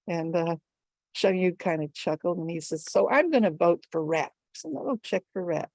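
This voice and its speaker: A woman's voice: on the low side, expressive, moderate pace, gravelly, a little mellow, no room sound. A woman storyteller telling a folktale live at an online gathering, jumping her voice up for the animal characters. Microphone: video call.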